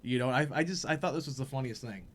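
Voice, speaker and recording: A man's voice: medium pitch, fast. Young man telling a funny story. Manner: animated, laughing, acts out quotes. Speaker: podcast host. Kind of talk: casual storytelling chat.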